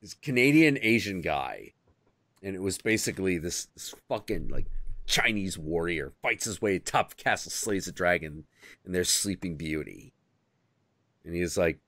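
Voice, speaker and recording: A man hosting a loose, profane chat, telling stories and jumping into squeaky voices for the characters. His pitch swings widely and the sound is very dry and close. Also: moderate pace, no echo. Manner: crude, animated storytelling with sudden high squeaky impressions. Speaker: host. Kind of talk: casual chat.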